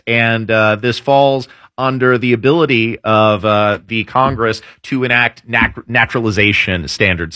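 A man's voice: medium pitch, bright, forceful tone, dry recording, studio quality. A man hosting opinionated political news commentary, sarcastic and full of hesitant fillers.

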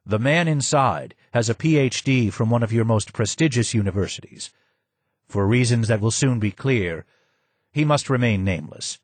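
A polite, formal male guide speaks earnestly, as a male narrator voices him. His pitch sits in the middle. The recording is dry and close. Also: moderate pace, no room sound, close to an everyday voice.

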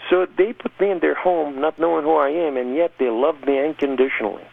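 Gravelly man, tinny phone-line sound. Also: on the high side, fairly quick. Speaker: guest telling his conversion testimony. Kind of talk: personal testimony in a radio interview. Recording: tinny phone-like radio audio.

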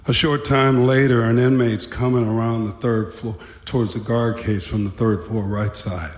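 A man's voice: medium pitch, fairly even intonation, normal speed, few pauses. A man telling a wry, dramatic story about his time as a prison guard. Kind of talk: storytelling talk. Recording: echoey hall.

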